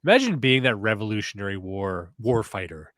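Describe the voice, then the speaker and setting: A man's voice: on the low side, sing-song, fairly quick, fairly bright tone, dry recording. Sarcastic podcast host man, dry sound. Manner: sarcastic, riffing, mock-reading posts aloud. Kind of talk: casual comedic rant.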